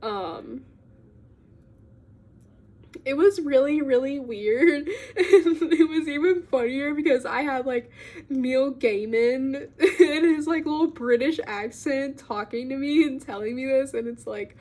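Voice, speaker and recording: A young woman with a slightly high voice recaps a book in a loose, rambling way. She fills her talk with fillers and little giggly asides, chatting casually to her viewers. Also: slow pace, mellow. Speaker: book vlogger.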